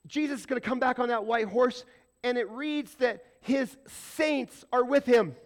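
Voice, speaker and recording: A man preaching a sermon as pastor, animated and conversational, often putting questions to the congregation. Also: very high voice, unhurried.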